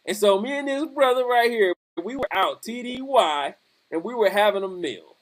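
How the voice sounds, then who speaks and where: A man hosting a podcast, telling a lively military story in casual chat and laughing often. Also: high voice, moderate pace. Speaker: podcast host.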